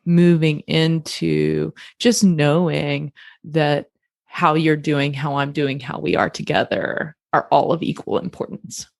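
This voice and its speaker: A woman co-hosting a relationship podcast, calmly explaining connection from a biology angle in casual chat. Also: low-pitched, takes it slowly, gravelly, dry recording, studio quality. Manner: explains science plainly, calls herself the biology lady. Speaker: podcast co-host.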